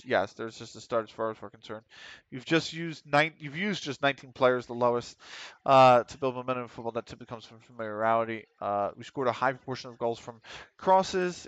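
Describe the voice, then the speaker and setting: A man's voice: medium pitch, fairly bright tone, smooth, no room sound. Man giving casual game commentary. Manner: reads questions aloud quickly and answers offhand, swears casually. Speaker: gaming streamer. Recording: dry, slightly dull home mic.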